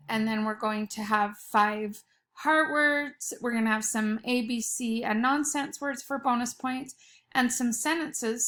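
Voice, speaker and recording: A woman teaching a spelling lesson to young children. She speaks slowly and patiently in a fairly high voice and breaks each word into its sounds. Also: a bit bright. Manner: slow, patient, sounding out words letter by letter.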